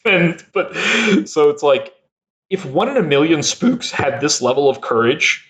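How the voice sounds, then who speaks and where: A man's voice: fairly high pitch, big pitch swings, unhurried, fairly bright tone. A young man chatting as a podcast guest, rambling and laughing a lot with many fillers. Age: young adult. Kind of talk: casual chat.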